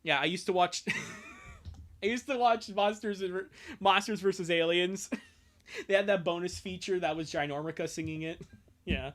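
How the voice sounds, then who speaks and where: A woman's voice: fairly low pitch, moderate pace. A woman hosting a live fan-fiction reading, chatting casually, laughing often and swearing freely. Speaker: host reading a fan story aloud.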